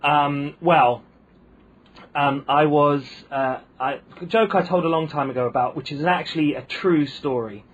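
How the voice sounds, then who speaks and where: A man's voice: on the high side, a little slow, poor audio. A man with a posh British accent, a comedian guest telling wry anecdotes in casual chat, full of ums and restarts. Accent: posh British English.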